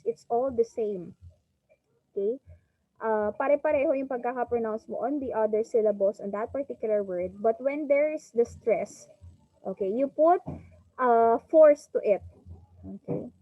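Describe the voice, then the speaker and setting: A woman's voice: fairly high pitch, moderate pace, dry recording. Filipino woman teaching an online class. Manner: drills pronunciation, repeats "okay" often. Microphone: video call. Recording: dull lo-fi online call audio.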